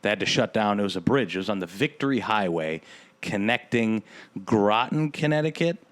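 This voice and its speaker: A man's voice: fairly low pitch, expressive, normal speed. A young man hosting a podcast, telling a rambling, profane story in casual chat with lots of fillers. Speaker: podcast host.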